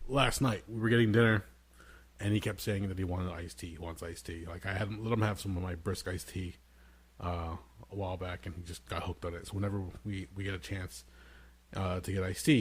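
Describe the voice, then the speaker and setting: A man co-hosting a casual podcast, telling lively family stories and imitating his young son in a high voice. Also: slightly rough. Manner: animated storyteller, acts out his toddler son in a high voice. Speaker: podcast co-host. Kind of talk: casual chat, storytelling.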